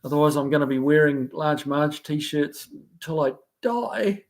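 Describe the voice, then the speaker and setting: His voice a little high and a little mellow, this New Zealand man sounds animated while keeping a measured pace. As a live stream host, he reads viewer comments aloud and answers loosely and casually, with lots of fillers and restarts.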